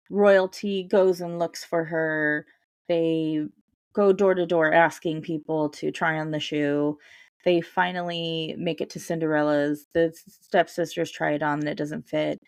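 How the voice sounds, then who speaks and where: A woman co-hosting a podcast, sick this week with a deepened voice, retelling a fairy tale in a relaxed, unhurried way with ums and soft laughs. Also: clear, resonant tone, dry recording, studio quality. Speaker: podcast co-host. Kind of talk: casual storytelling chat.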